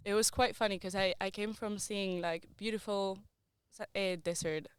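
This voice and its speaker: A woman's voice: mid-range voice, fairly even intonation, moderate pace, smooth, no echo. A young adult woman from Chile, a podcast guest chatting casually and filling her talk with "like". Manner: chatty, leans on "like" a lot. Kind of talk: casual chat.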